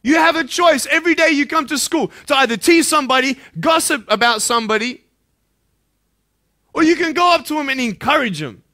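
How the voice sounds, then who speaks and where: A motivational speaker, a man, gives an impassioned speech to a school audience, firing direct rhetorical questions at listeners. His extremely high-pitched voice moves briskly, swinging between loud urging and hushed intensity.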